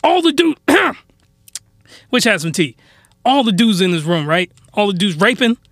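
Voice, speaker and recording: A man ranting in an exasperated, animated way while recapping an anime episode. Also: high voice, unhurried, no echo, studio quality.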